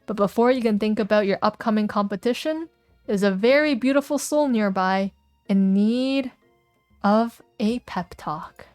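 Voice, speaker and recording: A woman's voice: medium pitch, a little slow, a little mellow, dry recording, soft background music. A young woman streaming a game, chatting playfully and reading its text aloud, giggling often.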